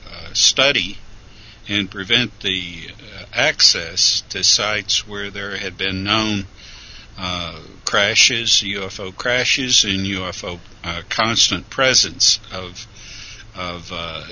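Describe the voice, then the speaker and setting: A man speaks very slowly as a radio guest, pausing often and searching for words. His voice is bright and forceful despite the dull, lo-fi radio sound. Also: fairly low pitch. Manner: slow, halting, many uh fillers. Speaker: studio guest answering questions. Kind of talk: radio interview.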